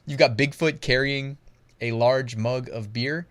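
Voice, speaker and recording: A man's voice: medium pitch, measured pace, fairly bright tone. A man hosting an online business channel, talking through screen research in a chatty way, laughing at himself and thinking aloud. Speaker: host.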